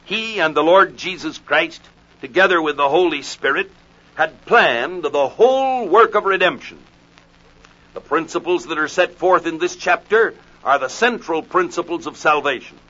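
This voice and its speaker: A man preaching an expository sermon, deliberate and measured, reading scripture aloud in old King James wording. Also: fairly high pitch, sharp tone, highs cut off.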